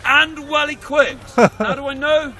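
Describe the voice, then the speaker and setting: A man performing a loud, jokey live history show as a castle archer, teasing the audience. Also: very high voice, measured pace. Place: outdoors at a castle. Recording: windy outdoor crowd noise. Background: crowd and wind.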